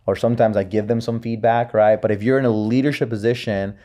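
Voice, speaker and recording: A man's voice: fairly low pitch, fairly even intonation, fast, dark tone. A man hosting a podcast, talking in a reflective, coaching way and repeating words as he goes. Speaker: podcast host. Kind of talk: casual podcast conversation.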